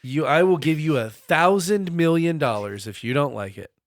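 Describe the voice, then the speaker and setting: With a voice on the high side, lively intonation, and a moderate pace, a man in his forties co-hosts a podcast. He tells stories in an easygoing, loose, profane manner during casual chat, and there's no echo.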